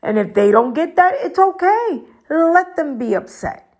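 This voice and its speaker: A woman's voice: high-pitched, very animated, a little slow, a little mellow. A middle-aged woman giving casual advice to her viewers, chatty and preachy, and she talks straight to them. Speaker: vlogger.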